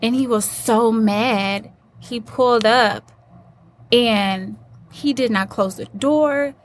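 Woman guest telling her story, kinda high voice, earnest, faint hiss behind. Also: takes it slowly. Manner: earnest, acts out quoted voices. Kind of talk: personal story in an interview. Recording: faint background noise.

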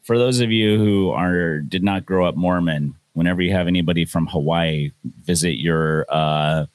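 A man's voice: low-pitched, moderate pace, no room sound. A man co-hosting a podcast, telling stories in a laid-back, profane chat. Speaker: podcast co-host. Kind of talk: casual chat. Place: home in Hawaii.

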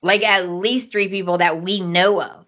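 A woman with a fairly low voice talks at a normal speed while hosting a podcast. She recaps a soap opera in casual chat, telling it animatedly and acting out the characters' lines as she goes.

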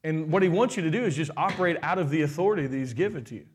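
A middle-aged man preaching a sermon with animated delivery, putting on quoted voices and asking the congregation questions. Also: fairly high pitch, rapid-fire, slight background noise. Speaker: pastor.

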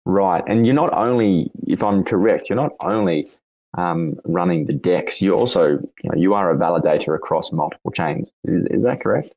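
Deep raspy Australian man hosting. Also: animated, moderate pace, a little mellow, no echo. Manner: rambling, self-correcting questions with frequent fillers. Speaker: host. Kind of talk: casual audio chat interview. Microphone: online audio chat room. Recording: dull lo-fi voice-chat audio.

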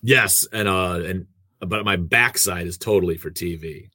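Radio man, lowish voice, dry close mic, chatty self-deprecating storyteller. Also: unhurried, sharp tone, no echo. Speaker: radio host and producer. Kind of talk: casual conversational storytelling.

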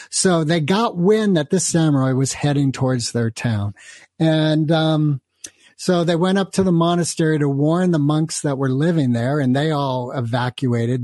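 A man's voice: mid-range voice, darkish tone, no room sound. Rambling male podcast host. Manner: rambling, self-aware storytelling with asides. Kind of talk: solo podcast monologue.

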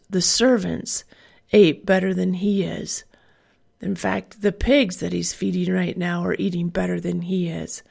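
This woman gives an earnest Christian devotional talk in a voice with a steady edge of vocal fry. Her pitch sits in a middle range for a woman, and she drives her points home by repeating a phrase again and again. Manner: earnest, builds points by repetition. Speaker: parent giving a devotional talk.

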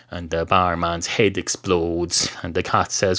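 A man's voice: sits low, lively intonation, unhurried, hardly any pauses, a bit bright. A man hosting a podcast, telling a rambling comic story with profane digressions. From Ireland. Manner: digressive, profane, self-interrupting. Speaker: podcast host.

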